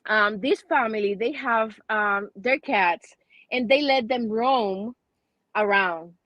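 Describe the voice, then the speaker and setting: Chatty woman host, fairly high voice. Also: slow pace, fairly bright tone, no echo. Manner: chatty storytelling with many restarts. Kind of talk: casual chat.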